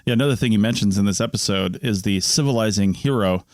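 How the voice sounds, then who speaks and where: Podcast co-host, male, lower register, dry sound, loose skeptical chat. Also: fast talker, a little mellow, no room sound. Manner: rambling, restarts often, skeptical.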